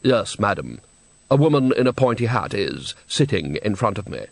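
This is a prim, affronted gentleman at the opera, stiffly polite but plainly indignant. His delivery is formal, voiced by a male storyteller, and the sound is close and dry. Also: on the low side, big pitch swings, normal speed, gravelly, dry recording, heavily acted.

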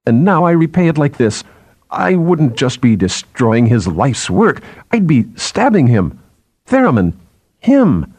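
Man doing a fretful male astronomer, pleading, husky, swooping pitch. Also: sing-song, measured pace, a little mellow, no room sound, exaggerated voice. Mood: anguished. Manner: distressed, pleading, voice rising high. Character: anxious male astronomer, devoted to his old mentor.

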